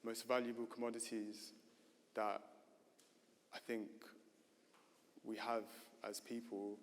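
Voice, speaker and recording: A man talks at a gallery panel, feeling his way through each thought with frequent fillers and self-corrections. His pitch stays fairly flat and even. The sound carries a long reverb from a large hall. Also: slow pace. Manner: hesitant, many fillers and restarts. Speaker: panel speaker. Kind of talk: unscripted panel talk. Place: gallery event stage.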